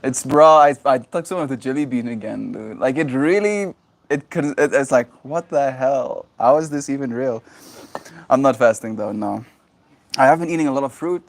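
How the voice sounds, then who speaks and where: A man's voice: mid-range voice, creaky. Rambling stoned man chatting on stream. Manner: rambling, halting, with frequent restarts and fillers. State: high on cannabis. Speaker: livestream host. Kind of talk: casual solo stream chat.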